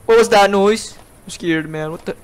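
A man's voice: sits high, normal speed, smooth. A man commenting live on a horror game, frightened and jumpy, swearing, gasping and yelping as he explores. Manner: jumpy, frightened, swears a lot, yelps and gasps. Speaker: gamer playing a horror game.

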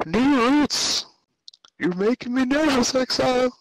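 An actor playing a nervous, gruff male character in a video game. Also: very high voice, animated, measured pace, background noise, heavily acted. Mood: uneasy.

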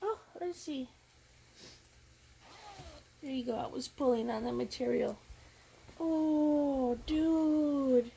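A woman's voice: high voice, takes it slowly, gravelly, long pauses, mellow, poor audio. A woman vlogging as she opens a gift, talking emotionally and gushing, often tearful and laughing. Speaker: crafting vlogger. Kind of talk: unboxing vlog.

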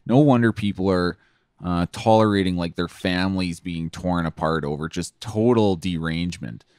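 A man's voice: low-pitched, normal speed, darkish tone, smooth, no room sound, studio quality. A man co-hosting a podcast, chatting casually about politics, rambling with lots of fillers and restarts. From Canada. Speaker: podcast co-host.

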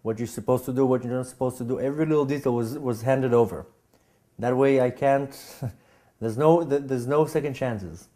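A man telling a personal story, with a halting manner full of repeats and restarts, getting animated as he acts out scenes. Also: medium pitch. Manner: animated when acting out scenes. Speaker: speaker giving a personal testimony.

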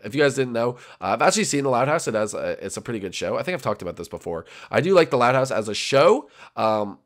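A young man giving goofy Minecraft gameplay commentary as a YouTuber, with sudden high-pitched yells and made-up songs. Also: big pitch swings, fast. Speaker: gaming YouTuber.

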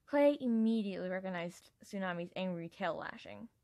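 A woman's voice: medium pitch, lively intonation, normal speed, dark tone, no echo. A woman reads a fantasy novel aloud as a fan narrator, plainly and with the odd stumble. The recording is dry and close, with no room sound. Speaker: fan reader.

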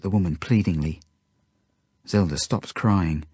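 A man's voice: sits low, moderate pace, a little mellow, husky, no echo, studio quality. A man reading his own book aloud, telling it earnestly in the first person. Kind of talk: audiobook narration.

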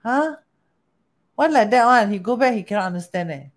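Animated Singaporean woman teaching. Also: medium pitch, fast. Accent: Singaporean English. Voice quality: animated, rhetorical questions, code-switching. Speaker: teacher of Chinese metaphysics. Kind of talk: storytelling lesson.

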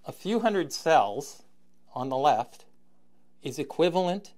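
A man giving a recorded university lecture, halting with many ums and frequent throat clearing, with wry, sardonic asides. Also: a little high, sing-song, a little mellow. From Canada.

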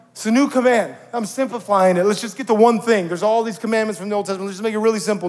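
A male pastor preaching a sermon, swinging between impassioned shouts and a low, conversational tone. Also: racing, hardly any pauses, in a large hall. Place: church service with congregation.

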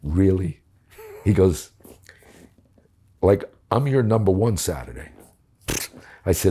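A man's voice: low voice, a little slow, pauses often, dark tone, a little hiss or hum. A man, telling a story bluntly in an interview and acting out the dialogue with profanity. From United States. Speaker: guest, former police commissioner. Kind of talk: storytelling in a long-form interview.

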